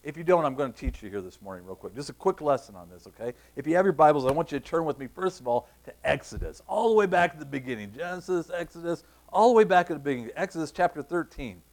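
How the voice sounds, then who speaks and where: A man's voice: a little high, quick pace, few pauses. A man, preaching a sermon and telling a personal story, tearing up at times. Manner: storytelling, animated, emotional. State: tearful. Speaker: pastor.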